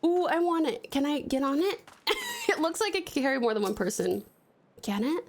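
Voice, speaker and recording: A woman's voice: high-pitched, animated, moderate pace. A woman from Australia streaming from home, chatting casually and gushing thanks to viewers with pet names. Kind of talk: casual live-stream chat. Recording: music playing behind.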